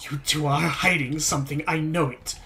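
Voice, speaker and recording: A streamer voicing a bitter, fearful old village woman in a horror game, sharp and accusing. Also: medium pitch, steady tone, normal speed, slight background noise.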